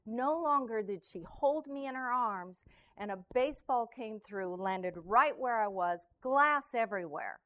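A woman preaching a sermon, reading scripture verse by verse and then telling a personal story, swinging between loud proclamation and hushed near-whispers. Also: a little high, lively intonation. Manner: slow, deliberate reading of verse. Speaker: lay preacher.

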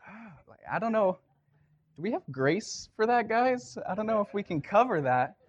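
A man voicing a nervous male God who frets over whether grace can cover a sin, in a high squeaky voice. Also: sing-song, normal speed, highs cut off. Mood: flustered. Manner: panicky, unsure, asking around.

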